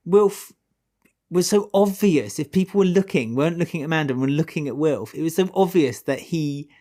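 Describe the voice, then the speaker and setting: A man with a Welsh accent, co-hosting a podcast in casual chat, animated and full of restarts. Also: brisk. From Wales. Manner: animated, chatty, with many restarts and sudden pitch jumps. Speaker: podcast co-host.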